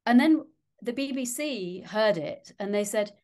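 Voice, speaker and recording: A woman's voice: a little high, expressive, unhurried, darkish tone. A middle-aged woman, an actress, chatting as an interview guest and telling self-mocking anecdotes.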